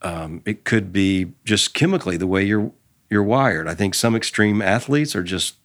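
Speaking at a normal pace in a fairly low voice, this podcast host leads a faith-tinged casual conversation, earnestly recounting stories with real emotion.

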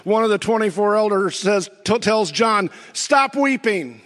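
A man pastor preaching a sermon, swinging from near-shouts down to low, slow emphasis with dramatic pauses. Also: fairly even intonation, big-room sound.

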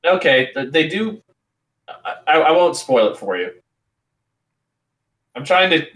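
Man, casual movie chat, slightly high bright tone, giggly and halting. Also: sing-song. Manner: giggly, avoids spoilers, stammering restarts. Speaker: co-host watching a movie.

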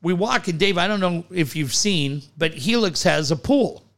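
A middle-aged man co-hosting a talk show, telling stories in a casual, animated way and swinging into big voices for quotes. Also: sits high, normal speed. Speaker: radio show co-host. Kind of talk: casual storytelling banter.

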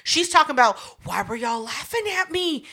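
A woman's voice: high voice, normal speed. A woman co-hosting a casual chat, telling a story with profanity and frequent laughter. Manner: lively, profane, laughs often.

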